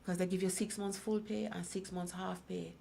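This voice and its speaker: Guest speaker, middle-aged woman, emphatic storyteller, rough fry in the voice. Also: on the low side, little pitch movement, normal speed, mellow, a little hiss or hum. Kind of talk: personal testimony in a talk program.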